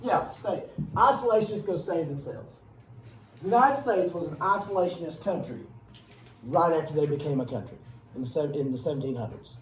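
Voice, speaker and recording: Male teacher, rambling joking lecture, slightly high voice, echoey classroom from far off. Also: lively intonation, fairly quick. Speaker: history teacher. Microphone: far camera.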